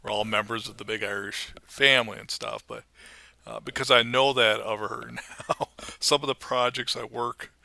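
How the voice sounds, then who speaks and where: Gravelly, bright-voiced middle-aged man. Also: medium pitch, steady tone, normal speed, no echo. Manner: wry, grumbling asides. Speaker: podcast co-host. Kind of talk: casual podcast chat.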